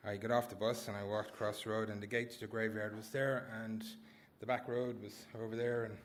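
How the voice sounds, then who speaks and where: A man's voice: on the low side, flat delivery, brisk, a little hiss or hum. A man performing a comic personal story at a live story slam, rambling and self-mocking, laughing through his lines. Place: small live venue indoors.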